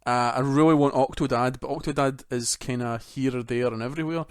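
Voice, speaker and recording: A man's voice: medium pitch, fairly even intonation, brisk, clean tone, dry recording, studio quality. A man co-hosting a casual gaming podcast, enthusiastic and joking, swearing freely. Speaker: podcast co-host.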